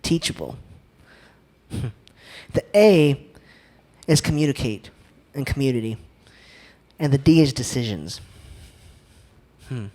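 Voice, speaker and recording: A man's voice: medium pitch, animated, slow, pauses often, darkish tone. A young man giving an upbeat, joking church talk, often asking the crowd questions. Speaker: youth speaker.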